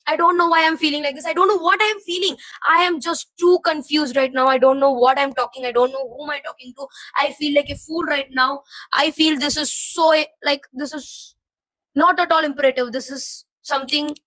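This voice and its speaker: A woman's voice: high voice, steady tone, moderate pace, fairly bright tone, no echo, poor audio. A young woman talking to her viewers, venting her jumbled thoughts in a rambling, confused and frustrated way while feeling emotionally heavy. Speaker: vlogger. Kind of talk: personal venting to camera.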